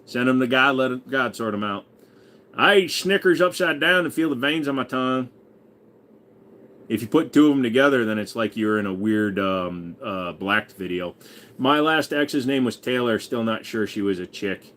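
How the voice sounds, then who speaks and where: A man's voice: medium pitch, moderate pace, a bit bright. A man in his forties hosting a casual livestream, crudely joking and reading viewer messages aloud. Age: 40s. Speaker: livestream host.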